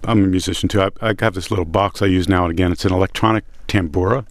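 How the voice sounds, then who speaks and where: Radio host, male, very deep voice, dry close mic, chatty and eager. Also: steady tone, very fast, dry recording. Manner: enthusiastic, conversational, with fillers. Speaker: radio music show host. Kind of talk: radio interview.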